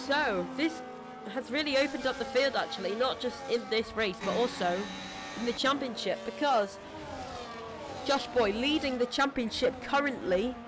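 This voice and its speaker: An esports racing commentator calling a live race in a chatty, self-deprecating way, quick to apologise, and losing their voice. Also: medium pitch, music in the background.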